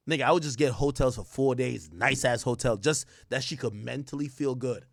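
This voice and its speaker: A man's voice: medium pitch, fairly quick, gravelly, hardly any pauses, no echo, clean studio sound. A young adult man telling a long personal story in casual, profane streamer talk, acting out the voices of people he quotes. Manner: animated, swears a lot, acts out quoted voices.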